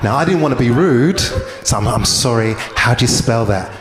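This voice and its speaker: A man's voice: medium pitch, a little fast. A man in his fifties performing a stand-up comedy set, telling stories with put-on voices. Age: 50s. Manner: animated storytelling with put-on voices. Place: comedy club stage. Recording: echoey club room with crowd noise.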